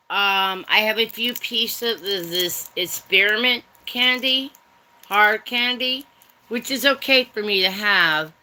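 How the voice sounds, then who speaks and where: A woman's voice: mid-range voice, pushed and bright, low-quality recording. A woman hosting a casual livestream chat from home, talking straight to her viewers in a rambling, chatty way. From Germany. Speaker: livestream host.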